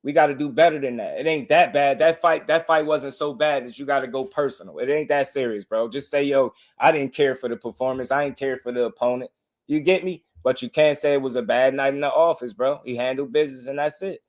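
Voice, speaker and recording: A man's voice: mid-range voice, brisk, hardly any pauses. A man hosting a boxing livestream, delivering a heated, impassioned rant to his viewers and hammering the same points again and again. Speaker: boxing channel host.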